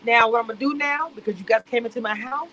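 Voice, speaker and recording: A woman giving sassy, animated reality-show commentary on a live stream. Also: on the high side, fast, highs cut off, a little hiss or hum.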